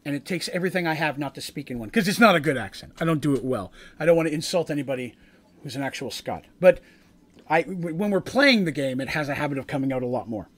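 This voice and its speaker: Male game master, casual rambling recap, self-corrects a lot, slightly high-pitched. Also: lively intonation, quick pace, fairly bright tone.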